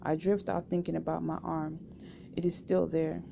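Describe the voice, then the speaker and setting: Low gravelly woman reading a memoir. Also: highs cut off, background noise. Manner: steady, unhurried first-person reading. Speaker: audiobook reader.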